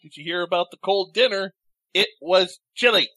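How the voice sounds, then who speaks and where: A man telling corny jokes in casual banter, playful and quick to swear. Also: high-pitched, heavy background noise.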